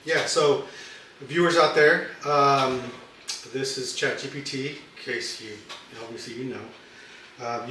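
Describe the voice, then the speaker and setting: A man hosting a cooking video, chatting in a relaxed, rambling way as he builds sandwiches. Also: medium pitch, background noise. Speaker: cooking channel host. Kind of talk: casual cooking chat. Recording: very echoey room, mic far off.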